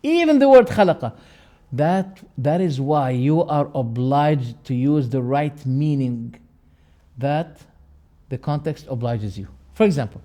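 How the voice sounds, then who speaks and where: Emphatic high-voiced male religious teacher. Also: expressive, unhurried. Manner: emphatic, swings between loud rises and quiet drops; repeats key words to press a point. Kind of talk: classroom lecture on creed.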